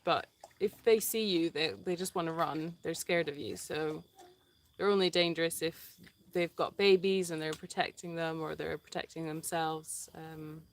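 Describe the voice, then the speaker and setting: A woman with a deep, fairly even voice speaks at a moderate pace, co-hosting a casual live stream from an animal sanctuary. She chats hesitantly with many "um"s, reads viewer comments, and breaks off to talk to the dogs.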